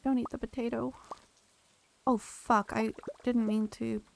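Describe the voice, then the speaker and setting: A woman's voice: a little high, flat delivery, a little slow, vocal fry, a little hiss or hum. A young woman streaming a game, chatting casually and thanking viewers by name as she plays. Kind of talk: casual live-stream chat.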